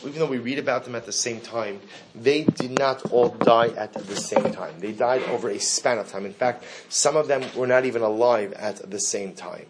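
A man's voice: medium pitch, a little hiss or hum. A middle-aged man teaching a Torah class, leading listeners through a text, asking rhetorical questions and repeating key phrases for emphasis. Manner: emphatic, rises sharply when reading Hebrew and Aramaic aloud.

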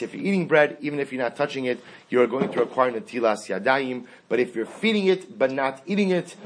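A man's voice: mid-range voice, noisy background. A man teaching a Talmud lesson, reading the text aloud and then explaining it step by step in English.

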